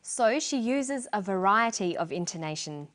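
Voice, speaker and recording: A middle-aged woman explains points of English to learners in a scripted lesson. She speaks clearly and deliberately. Her intonation moves lively up and down. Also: mid-range voice. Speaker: English teacher presenter. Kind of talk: scripted educational narration.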